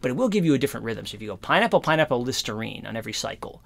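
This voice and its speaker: A man giving a casual guitar lesson, explaining in a relaxed, rambling way with lots of fillers. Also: mid-range voice, very fast, creaky. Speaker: guitar teacher. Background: guitar playing.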